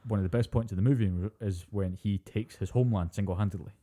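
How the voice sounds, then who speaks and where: A man co-hosting a podcast, telling stories in a sweary, animated casual chat. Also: fairly low pitch, quick pace. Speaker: podcast co-host.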